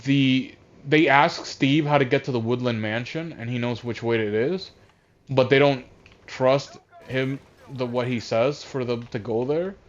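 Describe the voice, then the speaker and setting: A man casually recapping a movie while playing a game, rambling and halting, often distracted. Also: medium pitch. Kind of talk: casual chat. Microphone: console voice chat headset. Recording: dull lo-fi voice chat audio.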